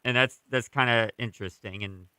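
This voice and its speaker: A calm man hosting a radio show, speaking in a measured way. His voice is bright and clean, recorded dry and close. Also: medium pitch, clear, resonant tone, dry recording. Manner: calm, measured, reads aloud then discusses. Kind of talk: casual radio chat.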